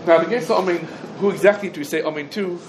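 A man's voice: high voice, fast talker, a little hiss or hum, poor audio. Man teaching an informal halacha class. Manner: rhetorical questions answered himself, dense with Hebrew terms. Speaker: Torah teacher.

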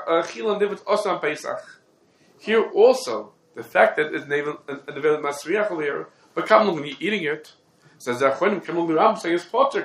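A man giving a Talmudic lecture, reasoning fast through questions and answers. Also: fairly high pitch, fairly bright tone, reverberant. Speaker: Torah teacher.

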